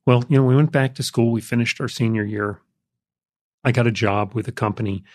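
An older man, an interview guest, telling a personal story in a relaxed, reflective way, with frequent fillers. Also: medium pitch, fairly quick, no room sound, clean studio sound. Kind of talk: conversational storytelling.

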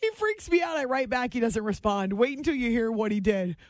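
A woman's voice: fairly high pitch, fairly quick, few pauses, no room sound. Chatty woman radio host, dry studio. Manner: lively, chatty storyteller who laughs often. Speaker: late-night sports radio host. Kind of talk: casual radio storytelling.

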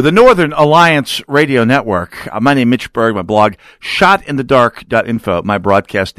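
A man's voice: mid-range voice, a bit bright, no room sound. A man hosting a talk radio show, joking and rambling through his opening monologue. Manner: jokey, self-deprecating, rambling asides. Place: radio studio. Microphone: studio microphone.

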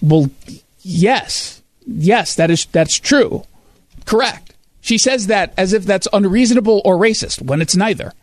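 A man's voice: high voice, a little slow. A man hosting a talk show, reading quotes and reacting with sarcastic, emphatic commentary.

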